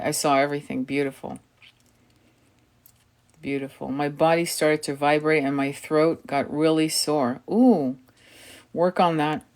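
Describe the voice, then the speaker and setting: Effusive woman tarot host on a live stream, somewhat low voice, quick to praise. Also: darkish tone. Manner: effusive, gushing, repeats "beautiful". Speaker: tarot reader and spiritual guide hosting a live session. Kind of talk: live-stream tarot reading with chat replies.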